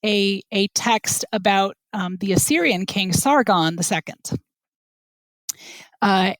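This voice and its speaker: A woman's voice: mid-range voice, expressive, slow pace, dry recording. A woman guest scholar explaining her research on a podcast, thoughtful and hesitant, with fillers and restarts.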